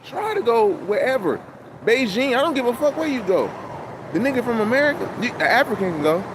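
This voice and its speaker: A man talking to camera in a casual, rambling monologue, animated and full of profane street slang, outdoors. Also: extremely high pitch, fairly quick. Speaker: channel host. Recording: loud outdoor traffic noise.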